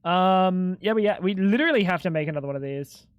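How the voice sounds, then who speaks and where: A man's voice: high-pitched, fast, clear, resonant tone, dry recording, lo-fi sound. A young man livestreaming a game, chatting casually and joking back at his chat. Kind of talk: casual gaming stream chat.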